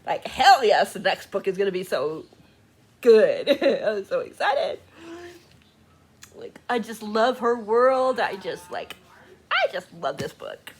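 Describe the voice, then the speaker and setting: A woman chatting casually in a book vlog, gushing and excitable, laughing often, talking from a room at home. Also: mid-range voice, takes it slowly, a little hiss or hum. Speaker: book vlogger. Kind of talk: casual reading vlog chat. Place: home room with door open.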